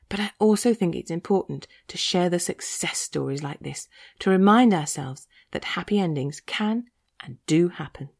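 A woman's voice: on the low side, darkish tone. A woman hosting a podcast, reading scripted commentary in an opinionated way with sarcastic asides. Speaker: podcast host.

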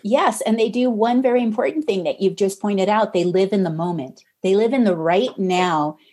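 A middle-aged woman author speaking as a podcast guest, earnest and gently reassuring. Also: mid-range voice, normal speed. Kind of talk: podcast interview conversation.

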